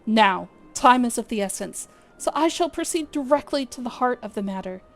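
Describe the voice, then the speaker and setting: A woman reading the lines of a stern male leader of a forest archer guard from a game, in a formal, measured way. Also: on the high side, expressive, faint music behind. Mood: grave. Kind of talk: reading game dialogue aloud.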